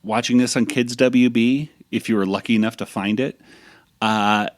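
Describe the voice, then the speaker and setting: A man's voice: medium pitch, steady tone, normal speed, dry recording, clean studio sound. A man hosting a podcast in casual chat, rambling with restarts and talking fondly about old cartoons. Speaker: podcast host.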